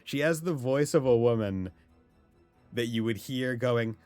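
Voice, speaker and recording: A man's voice: mid-range voice, measured pace, a little mellow, no room sound. A young man giving sarcastic, mocking let's-play commentary, swearing as he goes. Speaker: streamer.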